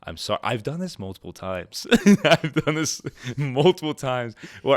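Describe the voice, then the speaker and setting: With a medium-pitched, smooth voice at a moderate pace, a podcast host chats casually and tells animated stories, frequently laughing and imitating the people he quotes. The recording is dry and studio quality.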